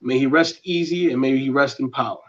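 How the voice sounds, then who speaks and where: A man co-hosting a podcast in casual chat, speaking earnestly and haltingly with many fillers. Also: mid-range voice, fairly bright tone. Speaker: podcast co-host. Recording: dull lo-fi sound.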